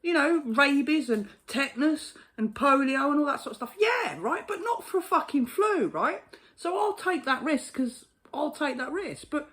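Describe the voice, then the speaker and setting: A woman's voice: high voice, fairly bright tone. A woman ranting to camera in a casual vlog, exasperated and sweary, often laughing in disbelief. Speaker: vlogger.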